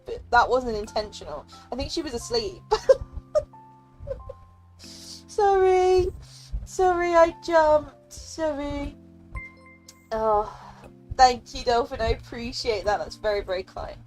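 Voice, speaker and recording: A young woman streaming a game, chatting casually and emotionally with her viewers, giggling and thanking them often. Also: on the high side. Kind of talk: casual live-stream chat.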